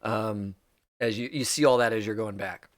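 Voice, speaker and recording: A man's voice: lowish voice, fairly even intonation, normal speed, dry recording, studio quality. A man narrating as game master, loose and chuckling, with many fillers. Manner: loose, laughing, lots of fillers.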